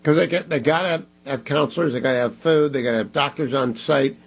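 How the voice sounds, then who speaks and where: A man hosting a talk radio show, making emphatic, preachy appeals to listeners in a husky voice. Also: mid-range voice, brisk.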